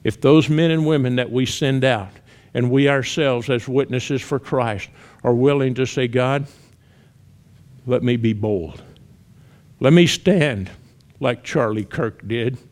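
A male preacher delivering a sermon in a middle-pitched voice. He tells a story with rising intensity, shouting out its cries, then drops to hushed, earnest appeals. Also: slow.

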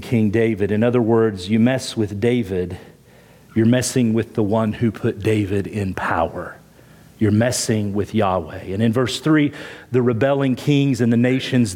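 Pastor guy preaching a sermon, mid pitch, emphatic, kinda repeats words as he builds up. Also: darkish tone. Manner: expository teaching, emphatic, repeats words when building a point.

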